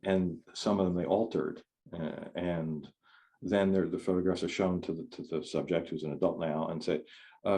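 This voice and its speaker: Low, mellow-voiced man giving an online talk. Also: steady tone, moderate pace. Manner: conversational, rambling with frequent restarts. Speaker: speaker. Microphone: video call.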